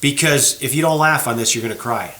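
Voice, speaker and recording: Reverb colors the medium-pitched, slightly fast voice of a gunsmithing show host in his shop's workroom. The shop owner chats and explains casually, showing viewers a gun's flaws with a folksy, animated style that calls them folks.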